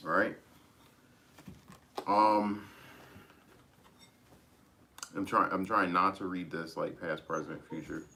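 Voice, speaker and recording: A man giving a casual tarot reading, rambling with many restarts as he gently advises his listeners. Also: low voice, fairly even intonation, slow, gravelly, pauses often, slight background noise. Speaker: tarot reader.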